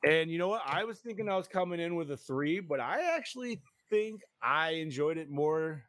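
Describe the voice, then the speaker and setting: A man hosting a casual movie-review podcast, excitable, swearing often and saying dude a lot. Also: on the high side, normal speed. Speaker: podcast host.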